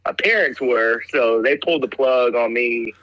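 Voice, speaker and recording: A man's voice: mid-range voice, normal speed, no room sound, lo-fi sound. A young man telling a rambling story in casual chat, laid-back, calling everyone "dude". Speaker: guest telling stories.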